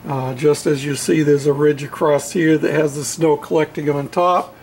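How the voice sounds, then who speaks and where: A man in his home hobby workshop, casually showing his model railroad backdrop in an unhurried, halting way with lots of fillers. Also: fairly high pitch, level tone, darkish tone, a little hiss or hum. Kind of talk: casual show-and-tell.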